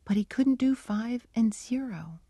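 A middle-aged woman researcher answering interview questions and telling her work stories with lively, acted-out dialogue. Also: a little high, unhurried, slightly rough, dry recording, clean studio sound. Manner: animated storytelling, acts out dialogue. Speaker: animal cognition researcher.

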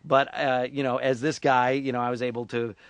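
A man's voice: mid-range voice, flat delivery, brisk, no echo. A man in his forties, a voice actor, chatting playfully and laughing often in a radio interview. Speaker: voice actor guest. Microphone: studio microphone.

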